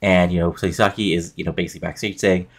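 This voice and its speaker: A man casually narrating a wrestling booking game, rambling with plenty of filler words. His voice is low and he talks fast. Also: flat delivery. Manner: rambling, many fillers like "you know".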